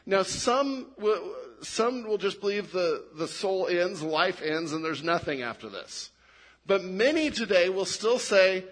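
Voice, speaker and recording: High-voiced man preaching a lively sermon. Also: unhurried. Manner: animated, frequent restarts, drops to low quiet emphasis. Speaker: pastor.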